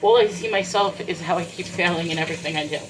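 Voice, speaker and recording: Woman vlogger, low voice, tearful confessional rant, home kitchen, dishes and water running behind. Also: fast, noisy background. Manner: tearful, fighting back crying. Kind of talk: emotional personal vlog rant.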